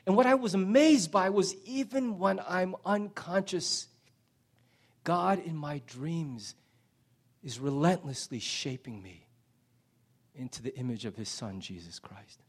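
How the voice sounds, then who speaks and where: High-voiced impassioned male pastor. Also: measured pace. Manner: impassioned, swinging from loud emphasis to hushed near-whispers. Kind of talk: sermon.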